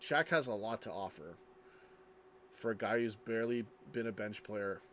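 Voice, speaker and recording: A man's voice: on the low side, normal speed, a bit bright, slight background noise. Sleepy rambling man streaming late. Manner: rambling, tired, trailing off. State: sleepy, yawning. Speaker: streamer reading live chat. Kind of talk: late-night casual live stream chat.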